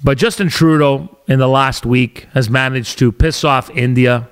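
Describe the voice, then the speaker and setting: A man's voice: medium pitch, measured pace, smooth. A middle-aged Canadian man hosting a solo podcast, rambling and sarcastic, often restarting his sentences. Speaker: podcast host.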